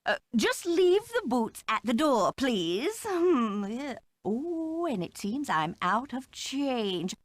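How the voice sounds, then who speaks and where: A flustered older professor in a mystery video game, halting and stammering. Her slightly high voice moves slowly and leaps about in pitch, dry and close. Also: very animated, no echo, full character voice.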